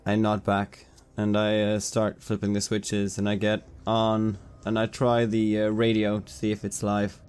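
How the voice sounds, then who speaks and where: Flat low-voiced man playing a game. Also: smooth. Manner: hesitant, halting speech. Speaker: player. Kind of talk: casual in-character play.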